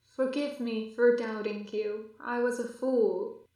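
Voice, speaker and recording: A woman voicing a fussy male angel who coaxes and reassures gently. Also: a little high, fairly even intonation, slow. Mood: tender. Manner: coaxing, gently bossy.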